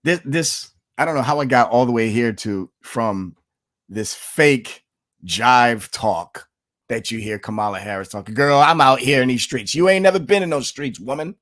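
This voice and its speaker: A man's voice: mid-range voice, animated, normal speed, a bit bright. A man from the United States giving emphatic political commentary on his vlog, repeating himself and addressing viewers as folks.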